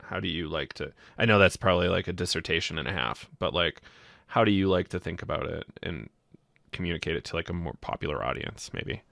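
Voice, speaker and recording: A man hosting an interview podcast, speaking slowly and thoughtfully with many fillers. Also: sits low, vocal fry, fairly bright tone, no echo, clean studio sound. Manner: slow, thoughtful, lots of fillers. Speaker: podcast host. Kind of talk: casual interview talk.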